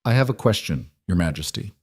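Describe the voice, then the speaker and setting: A man's voice: sits low, expressive, brisk, breathy edge, no echo, clean studio sound, heavily acted. A man voicing a sly older female wolf alpha who mocks and probes a newcomer. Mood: mocking. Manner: sly, mocking.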